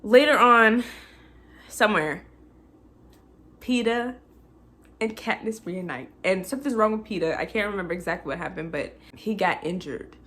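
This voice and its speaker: A woman's voice: mid-range voice, moderate pace, pauses often, a bit bright. Chatty woman ranting about a movie. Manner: emotional, laughing, chatty with many fillers. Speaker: movie reviewer. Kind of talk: casual movie recap rant.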